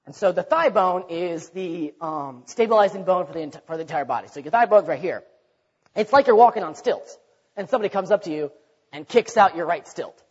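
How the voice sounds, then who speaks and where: A man's voice: high voice, animated, a little fast, husky. A man preaching a sermon in a conversational way, often repeating words and acting out quoted speech. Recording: dull recording in a reverberant hall.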